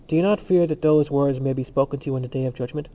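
A man reading a calm, probing young man. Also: mid-range voice, fast, highs cut off, natural voice.

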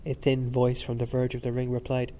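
Audiobook narrator, man, mellow and measured. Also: medium pitch. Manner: steady, measured reading. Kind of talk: scripted narration.

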